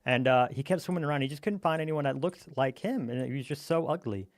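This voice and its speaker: A man's voice: mid-range voice, fast talker, no room sound, studio quality. A man chatting casually while gaming, telling a silly campfire story in a playful, teasing way.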